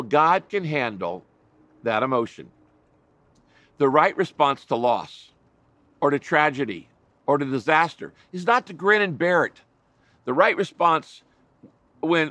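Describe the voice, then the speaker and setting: A man's voice: a little high, sharp tone, no echo. A male pastor preaching a sermon in an earnest, emphatic way, with frequent repetition and small restarts.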